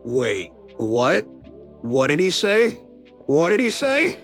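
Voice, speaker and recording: A woman voicing an excitable, overexcited man speaking over a comm line, with faint music behind. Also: low voice, slow, pitched below the performer's own voice, heavily acted. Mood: stunned, eager. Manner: excitable, hooting.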